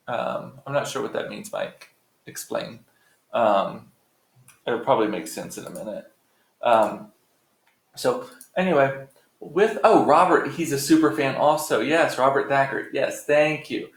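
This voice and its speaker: A man's voice: medium pitch, animated, normal speed, gravelly. A middle-aged man hosting a live stream, chatting casually and rambling to his viewers with playful swearing. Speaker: livestream host. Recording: roomy echo.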